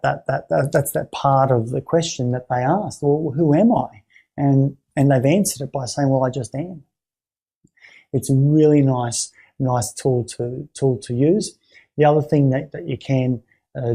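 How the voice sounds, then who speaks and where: Halting, mellow-voiced man teaching therapy. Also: mid-range voice. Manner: halting, with frequent repeated words and restarts. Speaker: therapy trainer. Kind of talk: explaining a therapy exercise.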